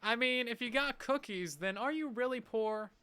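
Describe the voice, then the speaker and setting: A man's voice: extremely high pitch, moderate pace, smooth. A young man livestreaming, chatting casually and playfully while reading viewer messages. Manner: playful, animated, chatty with frequent laughs.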